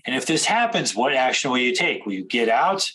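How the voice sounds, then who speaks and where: Husky-voiced man coaching traders. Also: mid-range voice, very animated, bright, forceful tone, rough recording. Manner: direct, rapid-fire questions. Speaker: trading coach. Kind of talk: instructional talk.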